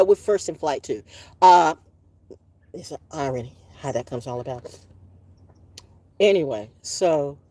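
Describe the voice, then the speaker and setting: A woman telling a long story outdoors in a casual vlog monologue, profane and animated, laughing now and then and coughing from allergies. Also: lowish voice, husky. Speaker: vlogger.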